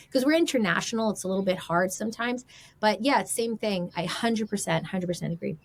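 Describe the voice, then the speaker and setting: Woman, podcast guest, marriage advice, animated, casual, middle pitch. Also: a little fast. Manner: animated, acts out quoted remarks.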